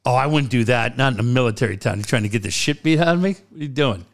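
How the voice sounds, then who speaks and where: A man co-hosting a casual chat, telling stories with lively jokes. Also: fast talker. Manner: animated storyteller, jumps high in pitch when joking. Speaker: co-host.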